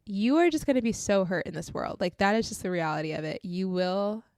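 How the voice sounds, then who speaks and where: A woman's voice: medium pitch, expressive, fairly quick, a little mellow, no echo. A young woman hosting a faith podcast, earnestly telling her testimony in a casual, heartfelt way, close to tears and saying "like" often. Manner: earnest, heartfelt, often tearful, says "like" a lot.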